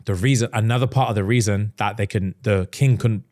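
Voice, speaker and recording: A man on a casual podcast, retelling a story with lively acted-out voices for each character. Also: lowish voice. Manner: animated, acts out characters in quick changing voices. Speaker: podcast co-host.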